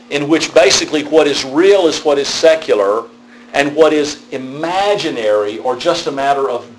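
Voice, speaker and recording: A man's voice: mid-range voice, rough recording. A middle-aged pastor lectures on theology in a mid-range voice, talking in a loose, conversational way and often checking in with his listeners. A faint ambient hum sits under the recording. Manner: conversational, animated storytelling with tag questions.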